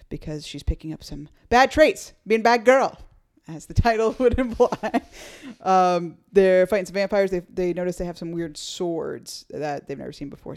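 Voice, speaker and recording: A woman hosting a casual fan podcast, talking in a lively, chatty, self-mocking way. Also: on the low side, gravelly. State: highly caffeinated. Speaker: podcast host.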